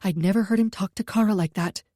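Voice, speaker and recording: A woman reading a first-person story aloud at a steady pace, close to the mic. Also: mid-range voice, fast, no echo. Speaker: audiobook narrator.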